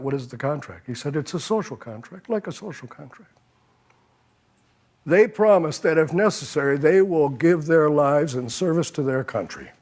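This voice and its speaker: A man's voice: a little high, a little mellow. An older man speaking on a policy panel, telling anecdotes and acting out the people he quotes. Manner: anecdotal, quotes others, chuckles at his own stories.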